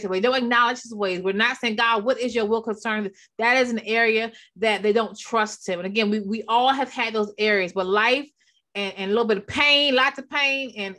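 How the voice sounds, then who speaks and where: A woman with a bright, ringing tone and a voice set a touch higher than most preaches through scripture with real conviction. She repeats her key words for weight and keeps pulling the listeners in with calls back to them, speaking into a microphone. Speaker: Bible teacher. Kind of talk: preaching Bible teaching.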